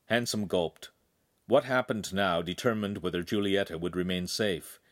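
A man narrating a young adult novel in an expressive storytelling manner. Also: low voice, normal speed, dry recording. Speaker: audiobook narrator. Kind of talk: scripted narration.

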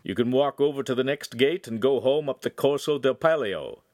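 A man's voice: mid-range voice, lively intonation, moderate pace, darkish tone, dry recording, clean studio sound, voice pushed up, close to an everyday voice. A man doing a chatty city guard. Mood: friendly. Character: friendly male city guard, nosy.

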